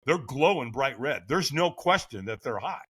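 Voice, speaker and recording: A middle-aged man, a podcast guest, telling a story with lively, acted-out voices and frequent laughs. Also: mid-range voice, moderate pace, slightly rough. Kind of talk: animated storytelling.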